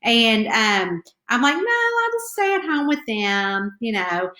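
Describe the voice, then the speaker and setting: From an echoey room at home, a middle-aged author with a Southern hillbilly twang hosts a live stream, chatting nervously and greeting viewers by name. Her voice is a little high, very animated, slow and sharp.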